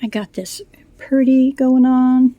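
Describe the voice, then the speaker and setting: A middle-aged crochet vlogger chats casually in a show-and-tell about her work, gushing and rambling with fillers while slightly out of breath. Her voice sits high and warm, with fairly even intonation and a slow pace, and there's no echo.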